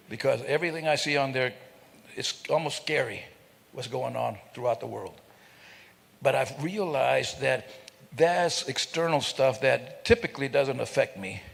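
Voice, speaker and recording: This guest speaker has a medium-pitched voice that is creaky, slightly rough, and a bit bright, and he talks at a moderate pace with long pauses. At an event in an event hall, he jokes with the audience and acts out sounds and voices in his stories. Long hall reverb colors the recording.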